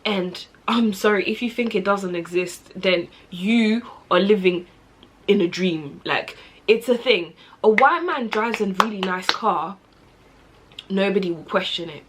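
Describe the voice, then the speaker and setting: A woman's voice: medium pitch, a little slow, background noise. A young adult woman, talking earnestly and passionately in a rambling personal vlog monologue.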